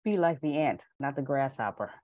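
A woman's voice: rumbling low, lively intonation, moderate pace, a little mellow, dry recording, clean studio sound. A woman enthusiastically introducing the main speaker on a group call. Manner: announcing, enthusiastic.

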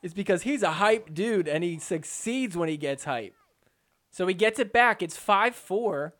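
Man, podcast host, excitable joking recap of match footage, slightly high voice. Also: measured pace. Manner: excitable, joking, mimics players in quotes. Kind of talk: sports recap commentary.

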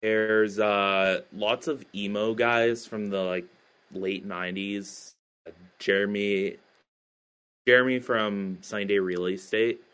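A man's voice: on the low side, fairly even intonation, takes it slowly, fairly bright tone, smooth. A man chatting as a podcast guest about his band, talking hesitantly with many fillers and restarts. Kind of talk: casual interview chat.

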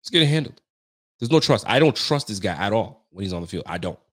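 A man's voice: lowish voice, lively intonation, quick pace, a bit bright, slightly rough. A young man hosting a sports podcast, giving a frustrated, slangy postgame rant that keeps repeating its points.

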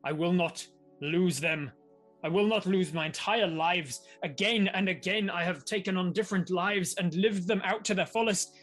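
A man voicing a male changeling shapeshifter, a pleading then vengeful ex-husband, in a low, hushed, earnest voice. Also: normal speed, faint music behind. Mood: defiant.

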